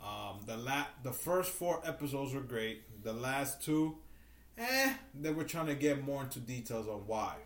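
A man's voice: mid-range voice, very animated, unhurried, fairly bright tone, echoey room. A man co-hosting a podcast in casual chat, joking crudely and swearing freely. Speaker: podcast co-host.

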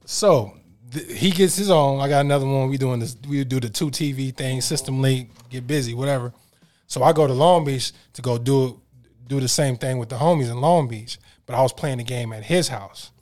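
A man telling a story at a laid-back, measured pace, speaking in casual slang among friends. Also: mid-range voice, a little mellow.

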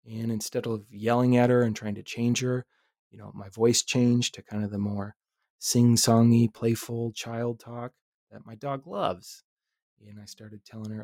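A man in his thirties hosting a podcast, telling a personal story in a reflective, animated way with casual swearing. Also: on the low side, moderate pace, vocal fry, no echo, studio quality. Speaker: podcast host.

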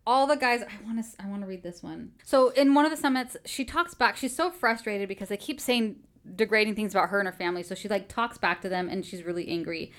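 A woman's voice: medium pitch, fast, fairly bright tone. A woman hosting a casual book podcast, retelling a story in a chatty way with many fillers and frequent laughs. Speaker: podcast host retelling a novel.

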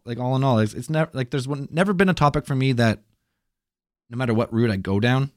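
A man's voice: mid-range voice, a little mellow, no echo, studio quality. A young man co-hosting a podcast, talking casually, rambling and hesitant, with frequent swearing. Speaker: podcast co-host. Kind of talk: casual chat.

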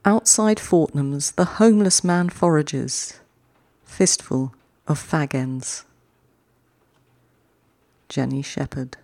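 Slow, mellow poetry-podcast host. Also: mid-range voice, dry recording. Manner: reads each short poem twice with long pauses; chatty, quicker sign-off. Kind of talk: slow, measured poetry reading.

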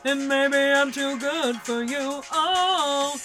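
A woman singing an impression of a famous female pop diva, drawn out and slow. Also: sits high, music in the background, voice pushed up. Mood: crooning. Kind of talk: sung impression.

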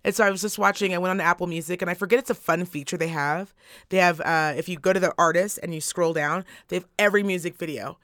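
A woman's voice: on the low side, quick pace, dry recording, studio quality. A woman co-hosting a podcast, chatting in a blunt, profane way and telling stories with lots of energy. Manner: blunt, profane, animated storytelling. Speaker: podcast co-host. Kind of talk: casual podcast chat.

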